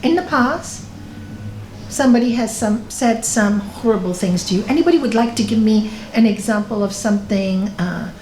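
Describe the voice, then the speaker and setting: A woman teaching a meditation class, lively and laughing often as she quizzes her students. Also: fairly high pitch, normal speed, slight background noise. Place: yoga centre room. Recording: echoey room with faint ambience.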